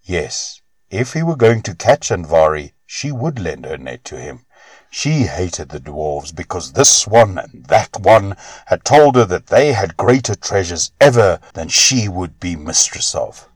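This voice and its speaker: A man reading old Norse myths aloud as a storybook narrator in a measured, expressive way. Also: low voice.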